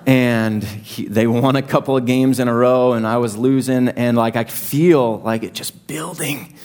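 A young adult man preaching a sermon to his congregation in a conversational, self-deprecating way with animated asides. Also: mid-range voice, a little slow. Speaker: pastor.

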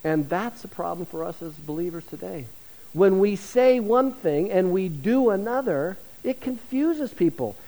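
A man's voice: high-pitched, animated, measured pace, warm tone, low-quality recording. A middle-aged male pastor preaching a sermon, telling stories with self-deprecating humor before turning earnest.

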